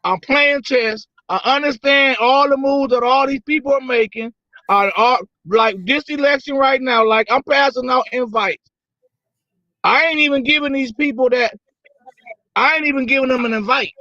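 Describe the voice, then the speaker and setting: A man with a very high, bright, sharp voice pushes his points as a podcast guest, tripping over restarts. His audio is dry and dull, like a lo-fi call line. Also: moderate pace, dry recording. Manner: insistent, stumbles and restarts when he talks over others. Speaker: guest, political candidate. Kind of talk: defensive casual talk on a live podcast.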